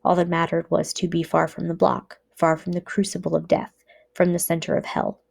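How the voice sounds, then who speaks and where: Woman teacher, measured book reading for a class, lower pitch. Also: monotone, vocal fry, husky.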